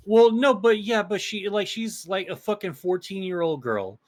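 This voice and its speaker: A man's voice: sits high, moderate pace. A young man co-hosting a casual podcast, telling stories in a rambling, profane way, full of restarts and fillers. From small town. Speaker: podcast co-host.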